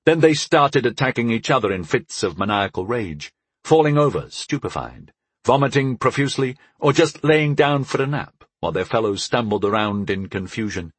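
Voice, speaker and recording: Husky, expressive male audiobook narrator. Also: medium pitch, normal speed, no echo. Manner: expressive storytelling. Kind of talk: first-person fantasy narration.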